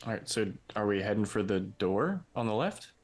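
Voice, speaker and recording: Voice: medium pitch, expressive, moderate pace. A player in a tabletop role-playing game, casually asking questions and suggesting plans.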